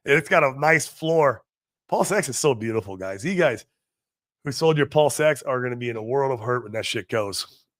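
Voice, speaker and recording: A man hosting a casual livestream, talking brashly and excitedly, swearing and answering viewers in the chat. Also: on the high side, dry recording, studio quality. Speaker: livestream host.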